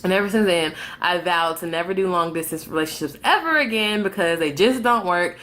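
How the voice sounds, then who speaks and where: A young woman vlogger telling a story to camera in a loose, conversational way. She is animated and dramatic, swears freely, and plays out both sides of the conversation. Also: fairly low pitch, brisk. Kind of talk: casual storytime vlog.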